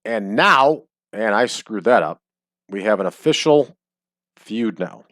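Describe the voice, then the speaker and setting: A man talking casually over his game with a fairly low voice. His chatter is jokey and loose, sprinkled with ums. The sound is dry and close, with no room around it. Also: expressive, slow pace, fairly bright tone, no echo. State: hiccups. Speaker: game streamer. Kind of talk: casual let's-play commentary. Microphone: desk microphone.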